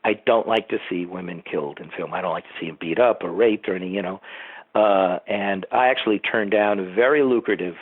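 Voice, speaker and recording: Older man, producer interview guest, rambling storyteller, husky, tinny phone line. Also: low-pitched, brisk, no echo. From Southern California. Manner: rambling storyteller who acts out quotes. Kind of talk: casual anecdotal interview.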